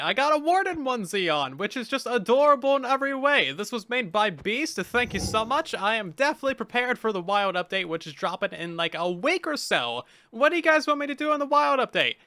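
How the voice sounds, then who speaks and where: A man's voice: very high-pitched, pushed and bright, no room sound. A man hosting a game let's play, talking in upbeat, chatty commentary with dry sarcastic jokes. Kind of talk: casual gameplay commentary.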